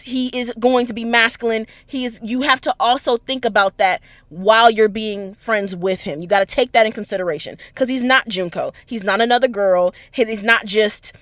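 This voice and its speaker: A woman giving an animated, slangy analysis of a story in casual talk. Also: on the high side, no room sound. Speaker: anime commentator.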